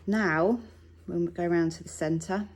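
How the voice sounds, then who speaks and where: Husky-voiced woman teaching sewing. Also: on the low side, steady tone, measured pace, a little mellow. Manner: chatty, reassuring, self-deprecating asides. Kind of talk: relaxed tutorial talk while working. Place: home sewing room.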